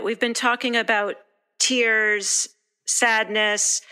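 A woman with a bright, forward voice who guides a podcast talk. She asks open questions and breaks in with playful jokes, sometimes jumping into high mock voices. She sounds lively and engaged. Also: clear, resonant tone. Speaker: podcast host and moderator. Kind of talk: conversational moderating.

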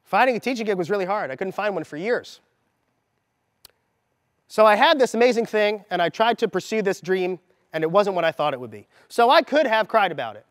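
A mindset coach in his thirties, with a noticeably high voice and lively intonation, tells a story briskly and with energy to a gathered crowd, acting out the quotes. The sound is dry and close in front, with a large hall's long reverb behind.

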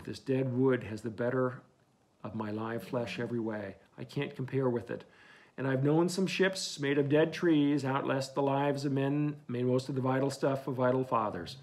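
Man reading old one-legged sea captain, gravelly, brooding, solemn, audiobook. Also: medium pitch.

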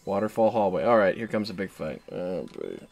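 A man's voice: low-pitched, very animated, brisk, vocal fry, a little mellow. A man giving casual, joking commentary while playing a video game, with mumbled reactions and laughs. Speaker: gamer, let's play host.

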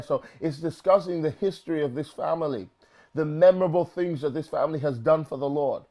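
A man's voice: normal speed, a little mellow. A man with a London accent preaching a sermon dramatically, acting out quoted voices and often repeating words as he goes. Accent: London English. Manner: dramatic, acts out quoted voices with swings in pitch and volume. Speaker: pastor.

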